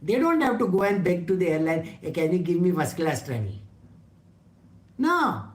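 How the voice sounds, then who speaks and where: Teacher in a roomy space. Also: mid-range voice. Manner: conversational, asks rhetorical questions, jokes. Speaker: spiritual teacher. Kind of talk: satsang discourse. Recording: roomy echo.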